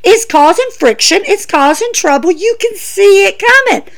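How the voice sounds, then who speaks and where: A woman's voice: very high-pitched, expressive, normal speed, gravelly. A woman giving an emphatic, chatty wrestling show review, talking straight to her viewers. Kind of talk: casual opinion vlog.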